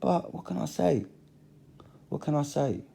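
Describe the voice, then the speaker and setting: A man's voice: fairly high pitch, sing-song, measured pace, gravelly, dark tone, breathy edge. A middle-aged man giving a passionate monologue to camera, repeating phrases for emphasis. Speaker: religious vlogger.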